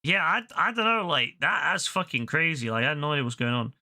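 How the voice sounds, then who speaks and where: A man's voice: on the high side, very animated, quick pace, pushed and bright. A young man chatting casually into a headset while streaming a game, swearing freely and using lots of fillers. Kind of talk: casual gaming stream commentary.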